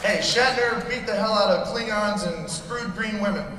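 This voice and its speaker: A man's voice: high-pitched, normal speed. A man doing a crude, ranting stand-up set in a mock-pompous manner, on stage in a large convention hall. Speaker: stand-up comedian. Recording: echoey hall recorded from far off, crowd noise. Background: audience laughing and cheering.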